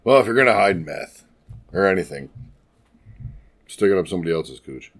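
A man co-hosting a casual comedy podcast, with a deadpan, matter-of-fact delivery. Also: sits low, normal speed. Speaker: podcast co-host.

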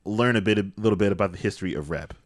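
A man with a fairly low voice chats casually and moves quickly through his thoughts. He talks in a relaxed, measured way, and the recording is dry and close. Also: dry recording. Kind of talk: casual chat.

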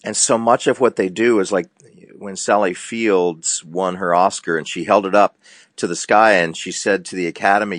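A middle-aged man, a counselor, talking earnestly in a preacher-like way, slowing down and speeding up for emphasis. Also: sits low, fairly even intonation, fairly bright tone, no echo, clean studio sound. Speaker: counselor, show guest. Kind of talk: casual faith-based talk.

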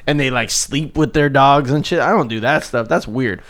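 A man chatting as a podcast guest, easygoing and quick to laugh, swearing casually. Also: medium pitch, fairly bright tone.

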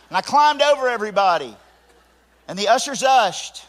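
A man telling his conversion story in a sermon, animated and acting out the voices of the people in it. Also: high-pitched, normal speed, big-room sound. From Tennessee, US. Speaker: preacher giving his testimony.

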